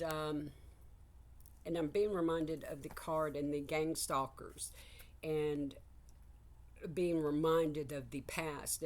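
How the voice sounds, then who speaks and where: A woman's voice: deep voice, darkish tone. An older woman, a psychic reader talking through her thoughts in a meandering, frank way, swearing casually. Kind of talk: casual spiritual vlog monologue.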